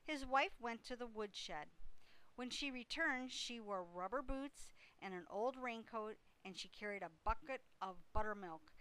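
Female storybook reader, unhurried, crisp bright tone. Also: fairly high pitch, lively intonation, poor audio. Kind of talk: storybook read-aloud.

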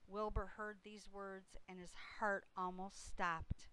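A woman reading a children's book aloud in a slow, unhurried way, with small slips. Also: medium pitch, level tone, sharp tone, clean tone, poor audio. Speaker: storyteller.

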